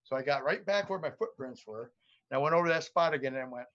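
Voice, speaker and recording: A man tells a long story as a guest on a live video stream, acting out voices and sounds along the way. His voice sits a little high for a man. The stream audio is muffled and lo-fi. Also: fast talker. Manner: animated storyteller who acts out voices and sounds. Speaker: guest gold prospector.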